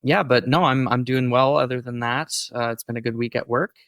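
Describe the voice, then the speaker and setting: Man co-hosting, explaining clearly. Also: mid-range voice, steady tone, fairly quick, a bit bright, no room sound. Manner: informative, explaining with occasional fillers. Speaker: podcast co-host. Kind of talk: casual podcast chat.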